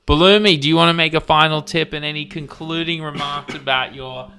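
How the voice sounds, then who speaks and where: An Australian man leads a casual sports podcast chat in a bright, forceful voice, sitting a little high for a man. He keeps the talk moving and teases his co-hosts. His voice is wearing hoarse. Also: steady tone, fairly quick, soft background music. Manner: joking, runs the show, teases co-hosts. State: voice going hoarse. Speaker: podcast host.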